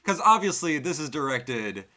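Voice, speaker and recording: A man's voice: a little high, sing-song, normal speed, bright, forceful tone. A man streaming live, reacting to a clip with sarcastic, rambling commentary full of fillers.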